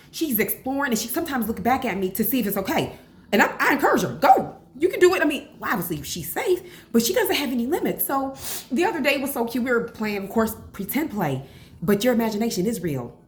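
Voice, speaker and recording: A woman in her forties, a cooking vlogger chatting casually at home with rambling, animated asides. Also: a little high. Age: 40s. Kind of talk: casual cooking vlog chat. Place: home kitchen. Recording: echoey kitchen, faint room noise.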